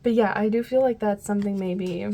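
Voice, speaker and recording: A woman's voice: medium pitch, steady tone, a little fast, mellow. A woman giving a casual tarot reading to her viewers, rambling and often losing her train of thought. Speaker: tarot reader.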